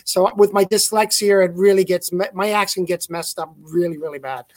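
A man with a notably high voice tells long, wandering stories from his own life. His accent blends English, South African and American sounds. He often backs up and corrects himself mid-sentence. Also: fairly even intonation, fairly quick. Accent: mixed English, South African and American. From England. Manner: rambling, storytelling, self-correcting. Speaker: guest magician. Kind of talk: casual video-call interview.

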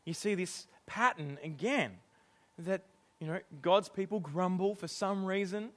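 Lively, high-voiced male preacher. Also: a little slow. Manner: animated, laughs often, acts out exasperated quotes. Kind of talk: sermon.

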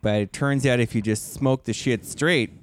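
A man's voice: mid-range voice, normal speed, slight background noise. A man hosting a casual chat, laid-back and swearing freely.

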